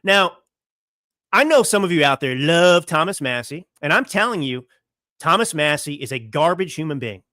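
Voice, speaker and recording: A young man hosts his own political commentary show, firing off indignant rhetorical questions in a combative rant. His voice is bright and forceful and sits a little high. The sound is dry and close, with no room around it. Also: lively intonation, normal speed, dry recording. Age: young adult. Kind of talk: fiery political commentary monologue. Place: California home studio.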